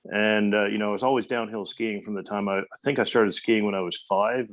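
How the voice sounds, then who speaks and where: A man's voice: lowish voice, fairly even intonation, a little fast. A man in his forties with a Newfoundland accent, a podcast guest telling stories in a humorous, self-deprecating way. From Newfoundland, Canada. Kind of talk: casual interview storytelling.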